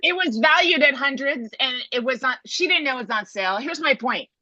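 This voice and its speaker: A woman's voice: high voice, lively intonation, fairly quick, bright, forceful tone, dry recording, muffled recording. A middle-aged woman doing a brash, punchy stand-up comedy bit on a video call. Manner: brash, punchy joke delivery.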